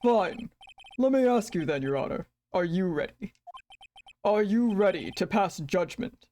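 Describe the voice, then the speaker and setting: A woman voicing an arrogant masked male prosecutor in a deep, slow, theatrical voice. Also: animated, dark tone, a little hiss or hum, lightly acted. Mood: smug.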